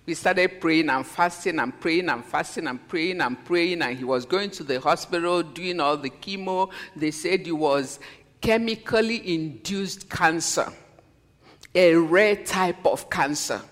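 A woman giving a personal testimony as a sermon, telling her story earnestly and then preaching with slow, stressed scripture quotes. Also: lowish voice. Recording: long reverb of a large hall.

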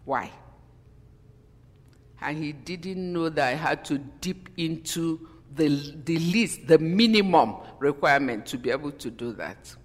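A woman's voice: deep voice, expressive, unhurried, big-room sound. A woman preaching a sermon and telling a personal story with strong feeling, often repeating "you know" and breaking off to start her sentences again. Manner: emotional, repeats "you know", stops and restarts lines.

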